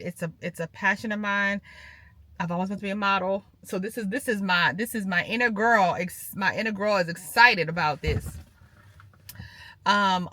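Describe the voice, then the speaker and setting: A woman's voice: medium pitch, pushed and bright, dry recording. A woman chatting casually to her viewers from her parked car, rambling and calling them "girl" and "y'all". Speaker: lifestyle vlogger.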